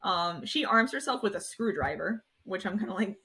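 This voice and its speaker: Female podcast co-host, casual, quick jokey asides. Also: mid-range voice, lively intonation, bright, forceful tone. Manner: joking asides, laughs easily. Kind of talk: casual movie recap chat.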